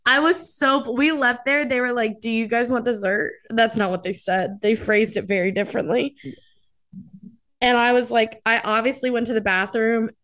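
A woman's voice: a little high, fairly even intonation, normal speed, fairly bright tone. A young woman co-hosting a podcast in casual chat, telling stories with lots of fillers and acting out quotes. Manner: chatty storyteller, acts out quotes, many fillers. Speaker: podcast co-host.

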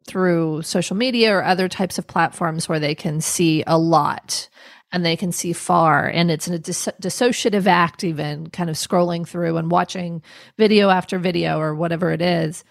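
A woman in her forties with a low, gravelly voice talks through ideas as a therapist on a podcast. She speaks thoughtfully and often restarts while searching for words. Her voice sounds close and dry, with no room echo. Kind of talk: professional podcast conversation.

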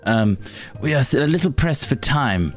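A man's voice: mid-range voice, expressive, normal speed, soft background music. A man playing his character in a tabletop game, good-humored and playful. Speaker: player.

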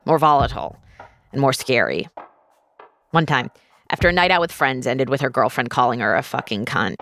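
A woman hosting a podcast, reading scripted narration in a measured, storytelling way. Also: a bass voice, a bit bright. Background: faint music.

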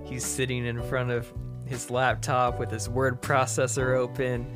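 A podcast co-host in casual brainstorming chat, easygoing and quick to laugh, reading out a sketch outline. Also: medium pitch, monotone, over music.

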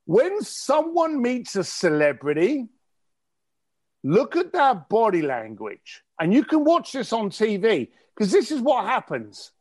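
A man from East tells stories bluntly and cheekily, swearing freely. His voice sits high, and his pitch leaps around with animated energy. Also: a little slow. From East London. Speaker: interview guest. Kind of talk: casual storytelling interview.

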